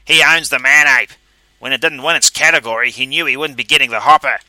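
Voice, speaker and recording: A man's voice: mid-range voice, fairly even intonation, fairly quick, bright, forceful tone, no echo, voice pushed up, poor audio. A man voicing a scornful, bullying middle-aged man who accuses others and mocks them. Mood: accusing. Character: sneering cruel middle-aged man, Pinky.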